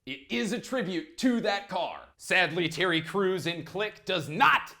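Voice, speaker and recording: A man narrating a video essay in an energetic, emphatic way with quick asides. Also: high-pitched, creaky. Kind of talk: scripted narration.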